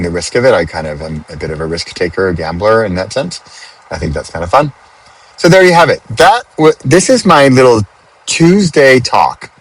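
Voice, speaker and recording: A man hosting a podcast, talking casually from a car on a highway and thinking aloud with frequent restarts. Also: low-quality recording. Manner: chatty, thinks aloud with restarts and self-corrections. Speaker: podcast host. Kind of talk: casual spoken reflection.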